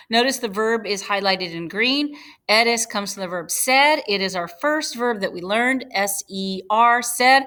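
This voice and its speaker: A woman teaching a Spanish lesson over slides, explaining each step patiently and spelling words out slowly. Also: mid-range voice, bright, forceful tone. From United States.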